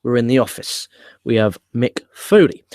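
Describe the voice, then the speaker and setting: A man giving a casual, opinionated recap of a wrestling show he is booking, blunt and quick to swear. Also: medium pitch, lively intonation, darkish tone, no echo, studio quality.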